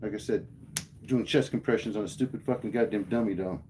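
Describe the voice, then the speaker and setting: A man's voice: fairly low pitch, fairly quick, dark tone, slight background noise. A man livestreaming, telling a heated, profane story to his chat in casual speech. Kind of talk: casual rant to live chat.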